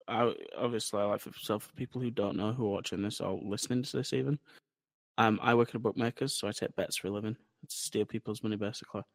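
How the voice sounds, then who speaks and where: A man's voice: lowish voice, no echo. A man chatting casually as a podcast co-host, rambling and swearing as he tells anecdotes. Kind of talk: casual chat.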